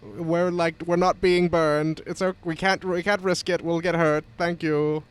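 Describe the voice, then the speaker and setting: A man's voice: a little high, level tone, clean tone, voice pushed up, natural voice. A man doing a frightened, pleading prisoner. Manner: pleading, halting and nervous. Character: frightened prisoner trapped in a fire pit.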